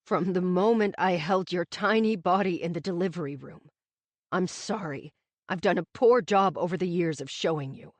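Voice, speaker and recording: A woman doing a reserved, gruff older man who runs a company and is a distant father. His speech comes out low, slow and clipped, every phrase measured. The recording is dry and close, with no room around it. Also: no room sound. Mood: tender.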